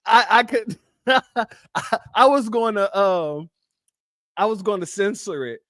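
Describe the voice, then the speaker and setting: A high-voiced man giving teasing, laughing commentary to his online audience. His delivery is slow and drawn out, and the sound is dry and close. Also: expressive, pushed and bright, no room sound. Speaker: online show host. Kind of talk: mocking commentary.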